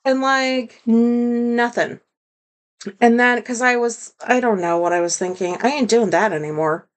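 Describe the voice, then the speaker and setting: A woman vlogger with a slightly high voice tells a rambling, candid story straight to camera. She fills her speech with "like," swears freely and pokes fun at herself. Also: a little slow. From United States. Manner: rambling, heavy use of "like", candid, swears, self-deprecating. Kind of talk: casual storytelling monologue.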